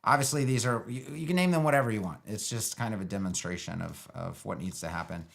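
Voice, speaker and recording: A man thinking out loud through a live web-building demo, loose and sarcastic, with lots of fillers. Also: fairly low pitch, fast, creaky. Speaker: web design educator building a page live. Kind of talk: casual live screen-share tutorial.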